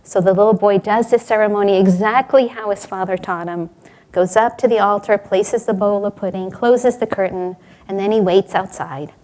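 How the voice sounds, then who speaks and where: A woman giving a spiritual talk, telling parables in a gently rhetorical manner. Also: mid-range voice, fairly even intonation, moderate pace. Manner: warm storytelling, gently rhetorical. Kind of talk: sermon.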